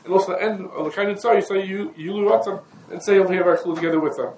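A man gives a Torah lesson in a somewhat high voice, working his way through the sources in a loose, conversational manner. His talk is sprinkled with Hebrew and Yiddish terms. The recording is roomy and echoey, with faint ambient noise behind him. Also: fairly even intonation, racing, a little mellow. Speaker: Torah teacher. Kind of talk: halachic lesson.

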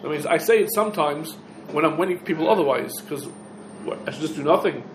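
Animated man teaching a Torah class. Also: on the high side, fast talker, background noise. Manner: animated, asks and answers his own questions. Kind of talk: halacha class lecture. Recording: echoey room with faint ambience.

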